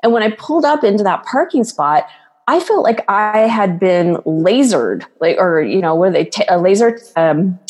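A woman's voice: medium pitch, big pitch swings, normal speed, a little mellow, slightly rough, in a large hall. A woman guest coach talking earnestly in a podcast interview, telling stories with plenty of fillers. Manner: earnest, storytelling with many fillers.

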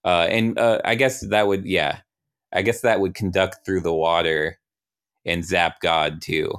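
A man narrating an improvised role-play game, halting and restarting as he goes. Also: sits low, steady tone, a bit bright, clear, resonant tone.

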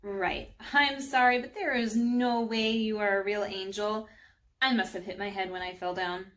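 A woman's voice: mid-range voice, steady tone, normal speed, a bit bright, natural voice. A woman voicing a shy, hurt young schoolgirl in a storybook read-aloud, speaking earnestly a little above her own voice. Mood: doubtful, pleading.

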